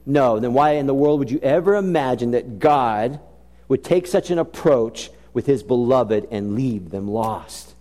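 A male pastor preaching a sermon, swinging between loud emphatic bursts and low, slow passages. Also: lively intonation. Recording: long reverb of a large hall.

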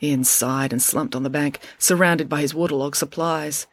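A woman narrating a children's adventure book in an expressive storytelling manner. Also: low voice, normal speed, hardly any pauses, no echo. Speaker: audiobook narrator.

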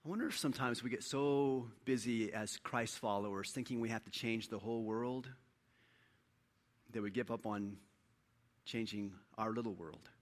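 A man preaching a sermon as a pastor, building up to loud, impassioned preaching. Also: medium pitch, steady tone, moderate pace. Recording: hall reverb.

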